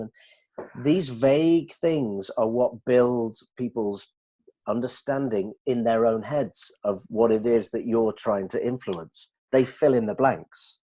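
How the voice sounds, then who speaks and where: Husky guy walking colleagues through examples, asks if it makes sense. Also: mid-range voice, a little slow. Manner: animated, explains with examples and checks understanding. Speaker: dental communication trainer. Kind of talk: explanatory discussion.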